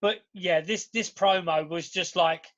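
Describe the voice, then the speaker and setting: A man's voice: high-pitched, steady tone, a little slow, a bit bright. A man co-hosting a podcast, chatting casually, swearing a lot and restarting his sentences. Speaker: podcast co-host. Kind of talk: casual chat. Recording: dull lo-fi podcast audio.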